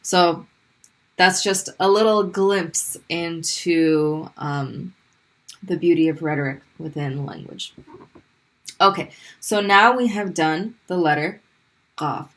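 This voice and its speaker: Woman language teacher, slightly low pitch, patient classroom explainer who drills sounds. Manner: patient, repeats sounds slowly and clearly for drilling. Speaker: Arabic teacher. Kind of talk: classroom lesson explaining pronunciation.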